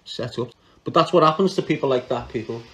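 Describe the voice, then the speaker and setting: Animated Scouse man telling stories. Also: medium pitch, fast. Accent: Liverpool (Scouse). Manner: animated, laughs often, slangy, restarts mid-sentence. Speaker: podcast storyteller. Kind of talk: casual true-crime storytelling.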